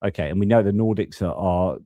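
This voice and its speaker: A man's voice: deep voice, quick pace, no echo, dull audio. A man hosting a live-stream news commentary, talking casually and thinking aloud as he goes through footage and reports. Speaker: host.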